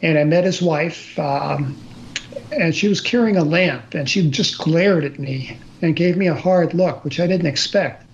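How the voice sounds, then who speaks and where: An older man with a somewhat high, slightly slow voice tells a personal story in conversation as a guest storyteller. He sounds plain and earnest, often restarting and leaning on fillers. The audio is a bit dull, with faint noise.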